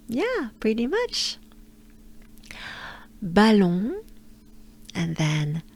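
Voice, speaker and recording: Woman, French accent, pronunciation teacher, very slow, patient, repetitive drills. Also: medium pitch, very animated. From France. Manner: patient, repeats sounds many times, laughs lightly.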